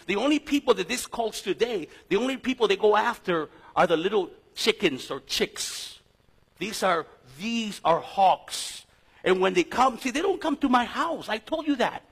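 A middle-aged man teaching a Bible class in a lively sermon style, telling stories and acting out conversations. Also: high-pitched, unhurried, slightly rough. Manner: animated storytelling, acts out conversations, frequent restarts.

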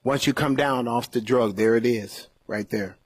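A man preaching a sermon as pastor to a church congregation, animated and playful, acting out the voices of doubters. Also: mid-range voice, moderate pace, slightly rough, no room sound.

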